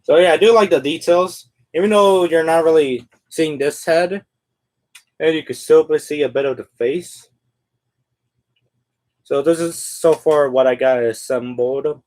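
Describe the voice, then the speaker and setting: A man's voice: a little high, a little mellow. A man on a casual live stream who thinks aloud as he assembles a toy figure. He rambles and fills his talk with "like" and "and all that".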